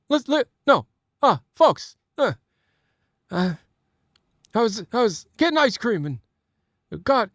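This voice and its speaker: A man's voice: very high voice, no echo, studio quality, voice pushed up, exaggerated voice. A streamer doing an impression of a rambling elderly male politician, stumbling, trailing off and repeating "folks" and "come on.".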